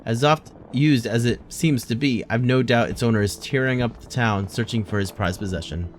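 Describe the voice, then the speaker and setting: Man doing a fed-up tavern worker for a game, grumbling, mid pitch. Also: moderate pace, slight background noise, close to an everyday voice. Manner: complaining, reading aloud with restarts.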